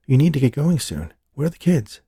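A man's voice: mid-range voice, big pitch swings, a little fast, warm tone, breathy edge, no echo, studio quality, voice pushed up, exaggerated voice. A man voicing a young mother who hurries her children along. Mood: brisk. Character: young mother, brisk and affectionate.

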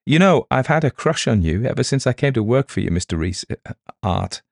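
A man's voice: mid-range voice, big pitch swings, fairly quick, vocal fry, no echo, clean studio sound, pitched above the performer's own voice. A man voicing a naive, wide-eyed young woman of twenty. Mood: eager. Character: naive twenty-year-old young woman, eager and green.

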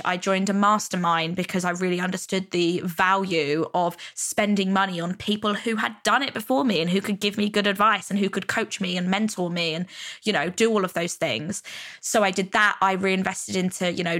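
A woman's voice: mid-range voice, fairly bright tone. Chatty woman podcaster. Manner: chatty, lots of fillers like "you know" and "like". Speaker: podcast host. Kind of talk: casual self-help podcast monologue.

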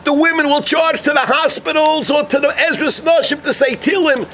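A man delivering a sermon as a rabbi. He tells a story with Yiddish and Hebrew terms and builds to emphatic, near-shouted points. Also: very high-pitched, fairly even intonation, normal speed, a little hiss or hum. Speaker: rabbi giving a Torah talk.

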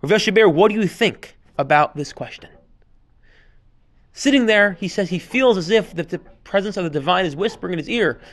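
Man, rabbi giving a class, high voice, animated lecturer, loud then hushed. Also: moderate pace. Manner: animated storyteller, switches between loud and hushed delivery. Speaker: rabbi teaching a Talmud class.

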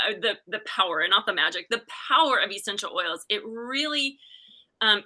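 Bright-voiced chatty middle-aged woman. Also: mid-range voice. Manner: chatty, animated retelling with laughs and restarts. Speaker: guest. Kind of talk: casual storytelling chat.

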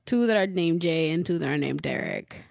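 A woman's voice: low-pitched, normal speed, gravelly. A young woman co-hosting a podcast, telling dating stories with lots of laughter and casual swearing. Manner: animated storytelling, laughs often, swears freely. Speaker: podcast co-host.

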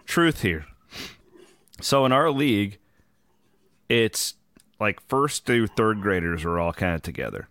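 A man hosting his podcast in casual chat, hoarse from travel, telling loose, rambling stories with the odd swear. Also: fairly low pitch, animated, slow pace, long pauses, fairly bright tone, no echo, clean studio sound. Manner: loose, rambling, profane storytelling. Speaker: podcast host.

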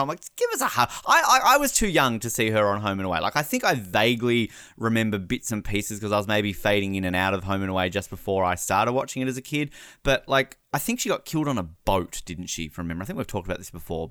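A young man co-hosting a podcast in a casual chat, animated and quick to jump into high voices when quoting people. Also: dry recording, clean studio sound. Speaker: podcast co-host.

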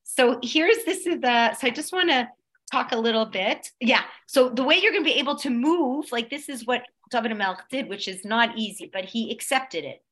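A woman teaching a conversational religious class. Her voice swings between loud emphasis and soft, low tones, and she keeps checking in with her listeners. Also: moderate pace.

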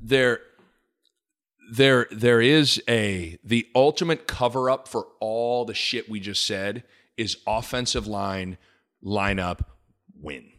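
A man's voice: lowish voice, takes it slowly, a bit bright. A man hosting a casual sports talk podcast, rambling and jokey, with frequent restarts as he breaks down a game.

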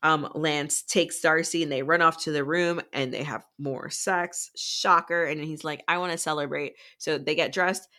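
A woman with a notably low voice retells a story in loose, chatty podcast fashion. Her recap wanders, full of "like" and "um" as she pieces events together. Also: fairly even intonation, a little slow, hardly any pauses, bright, forceful tone. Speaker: podcast co-host. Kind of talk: casual book-recap chat.

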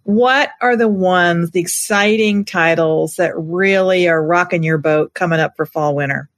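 A man's voice: high voice, a little slow, fairly bright tone, dry recording, studio quality. A man hosting a casual interview, asking questions with enthusiasm. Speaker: host.

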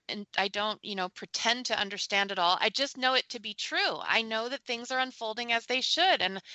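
A woman's voice: mid-range voice, pushed and bright, no room sound, rough recording. A woman co-hosting a reflective spiritual talk, speaking in an earnest and emphatic way.

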